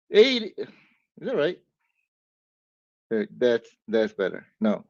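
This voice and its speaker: A man hosting a live stream, whooping and greeting viewers by name with lots of excitement. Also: high voice, measured pace, long pauses, no echo. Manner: hyped, whooping, warm greetings to chat. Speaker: livestream host. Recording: dull lo-fi stream audio.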